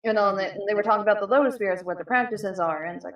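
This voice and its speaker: A young woman telling a personal story casually, halting with many fillers and restarts. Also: mid-range voice. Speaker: panel guest. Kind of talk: casual storytelling on a live stream. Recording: echoey distant mic.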